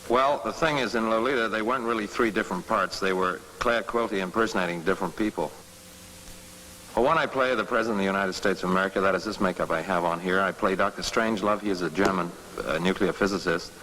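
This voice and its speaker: Low-voiced playful Englishman. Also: fast, bright, forceful tone, long reverb tail, a little hiss or hum, poor audio. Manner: playful, slips into many regional accents mid-sentence. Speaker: actor being interviewed. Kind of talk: casual interview answers.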